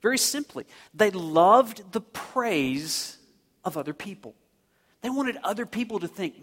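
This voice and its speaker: A man's voice: high voice, very animated, a little slow, fairly bright tone, big-room sound. A male pastor preaching a sermon, repeating key phrases and asking rhetorical questions.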